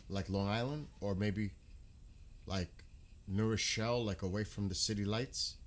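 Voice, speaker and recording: A man with a New York accent hosting a casual night-sky livestream outdoors, chatting with viewers and answering them by name. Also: lowish voice. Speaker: livestream host. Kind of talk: casual live-chat skywatching stream. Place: outdoors at night, dark rural area.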